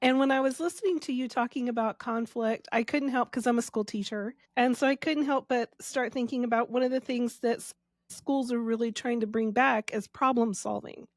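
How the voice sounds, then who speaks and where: A woman's voice: fairly high pitch, steady tone, moderate pace, no echo. A woman podcast co-host and schoolteacher, speaking earnestly and reflectively in conversation.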